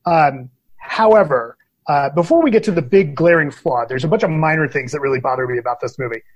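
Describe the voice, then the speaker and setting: Man, husky, slightly high voice, opinionated, casual podcast rant. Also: fairly quick. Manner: animated, opinionated ranting. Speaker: guest film critic.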